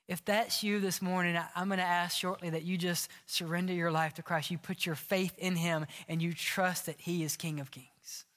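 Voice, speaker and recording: Bright-voiced preaching pastor, echoing sanctuary. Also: male voice, sits high, level tone, moderate pace, hardly any pauses. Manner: impassioned preaching, dropping to a whisper for emphasis. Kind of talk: sermon. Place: large church sanctuary. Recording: long hall reverb.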